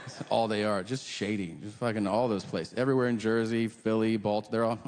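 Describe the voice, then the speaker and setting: A man's voice: lowish voice, fairly even intonation, moderate pace, darkish tone, slight background noise. A man doing a stand-up comedy set, profane and mocking, often slipping into the voices of the people he describes. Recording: live hall recording with reverb.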